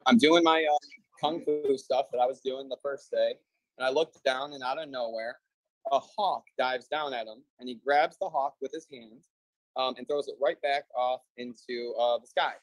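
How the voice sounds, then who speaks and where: A man's voice: medium pitch, steady tone, normal speed, dry recording, poor audio. Rambling man on a video call. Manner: long-winded, meandering, filler-heavy. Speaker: defendant in a court hearing. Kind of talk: rambling joke storytelling.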